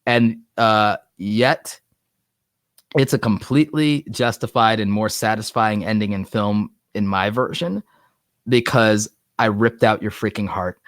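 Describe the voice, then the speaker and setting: A man hosting a live online show, talking excitedly in a rambling way and saying "like" a lot. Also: on the low side, a little slow, no echo, clean studio sound. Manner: excited, rambling, heavy use of "like". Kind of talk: casual livestream chat. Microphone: online streaming setup.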